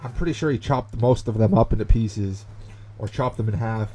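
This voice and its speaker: A young adult man, a gaming YouTuber, telling a childhood story in animated, chatty commentary with lots of fillers. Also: lowish voice, normal speed, slight background noise. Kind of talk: storytelling commentary over gameplay.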